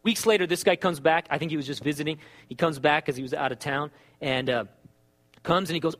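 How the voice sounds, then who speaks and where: A man preaching a sermon as a pastor, telling stories with lively acted-out dialogue. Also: on the high side, a little fast, long reverb tail. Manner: animated storytelling, acts out dialogue.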